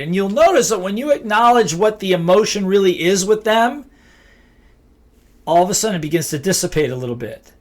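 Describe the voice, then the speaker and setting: A man's voice: sits high, lively intonation, brisk. A middle-aged man giving a motivational teaching talk, emphatic and repeating key phrases as he acts out both sides of short dialogues. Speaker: business speaker and trainer.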